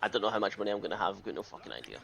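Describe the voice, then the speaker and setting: A man's voice: lowish voice, expressive, rapid-fire, creaky, a bit bright. A man co-commentating a video game football match, laid-back with tactical remarks and free swearing. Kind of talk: casual sports commentary with banter.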